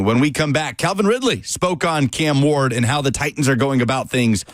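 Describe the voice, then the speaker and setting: A man hosting a sports talk radio show, breaking down football news with a steady, analytical delivery from a studio. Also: medium pitch, brisk, hardly any pauses, no echo.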